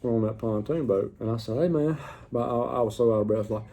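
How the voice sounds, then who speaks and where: A man's voice: on the low side, fast talker. A middle-aged man, casually telling a story to the camera in a drawling, folksy way. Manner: drawling, folksy, animated retelling.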